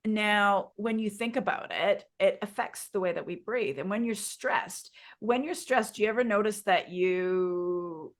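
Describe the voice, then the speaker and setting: A woman's voice: mid-range voice, measured pace, few pauses. A woman yoga teacher co-hosting a podcast, explaining breathing in a guiding way and asking her listeners questions. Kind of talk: instructive podcast chat.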